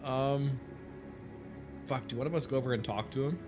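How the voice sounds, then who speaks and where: Brief: mid-pitched man player, casual, music playing behind. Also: moderate pace. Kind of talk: playing a tabletop game. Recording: music in background.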